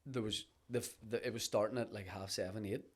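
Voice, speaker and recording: A man's voice: lowish voice, fairly even intonation, a little fast, husky. A man, a comedian and podcast guest, chatting casually and often repeating words as he starts a thought. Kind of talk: casual chat.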